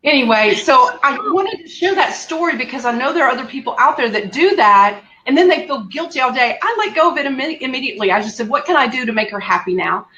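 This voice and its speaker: A woman, candidly telling a lively story as an interview guest, acting out the lines she quotes. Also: sits high, fast, few pauses, highs cut off, a little hiss or hum. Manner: animated, acts out quotes, laughs often. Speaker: guest caring for her mother. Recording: echoey room.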